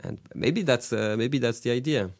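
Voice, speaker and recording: A man speaking as an interview guest, halting and searching for his words in a relaxed conversation. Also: mid-range voice, vocal fry, no echo.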